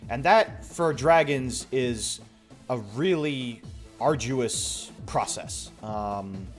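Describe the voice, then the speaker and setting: A man streaming a video game, chatting casually with his viewers in a soft-spoken way, with sentences that often trail off quietly. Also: medium pitch, very slow, faint music behind. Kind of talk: casual gameplay stream chat.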